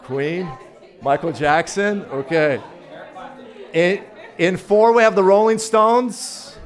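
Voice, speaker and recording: A man's voice: sits high, slow, some chatter behind. Chatty playful man preaching. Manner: chatty, playful, talks directly to the audience. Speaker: guest preacher. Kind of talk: casual sermon.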